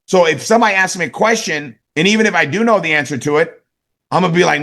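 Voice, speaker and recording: A man with a fairly high voice rattles through a motivational sales training at a quick clip. He speaks conversationally and keeps checking in with his listeners as he coaches them. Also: bright, forceful tone. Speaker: network marketing sales trainer.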